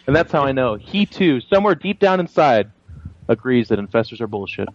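A man's voice: medium pitch, big pitch swings, fairly quick. A man co-hosting a gaming podcast, joking and opinionated with some swearing. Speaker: podcast co-host. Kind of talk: casual gaming podcast chat. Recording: slightly dull lo-fi sound with faint noise.

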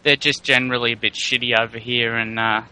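A man's voice: mid-range voice, little pitch movement, brisk, bright, forceful tone, smooth, poor audio. A man joining a gaming podcast as a guest, laid-back and swearing, calling people mate. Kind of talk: casual gaming podcast chat.

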